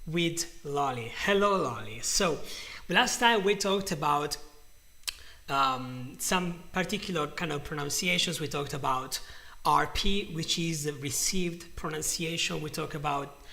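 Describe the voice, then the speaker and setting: A man's voice: on the high side, gravelly, sharp tone. A young man teaching a live-streamed English lesson, greeting viewers in a chatty way and often restarting his sentences.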